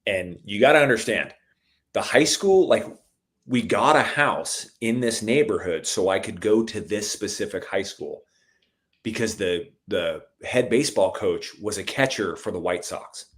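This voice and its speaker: A middle-aged man telling stories in a relaxed conversation, calling the listener "dude" a lot and getting animated at the exciting parts. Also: on the low side, a little slow. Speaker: podcast guest. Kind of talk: casual storytelling chat.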